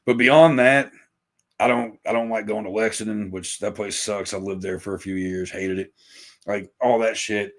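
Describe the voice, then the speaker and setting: A man talks in a loose, rambling way, swearing freely and poking fun at himself. His voice sits a little low. He chats casually on a podcast. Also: steady tone, moderate pace. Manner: rambling, profane, self-mocking. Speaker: podcast guest, musician.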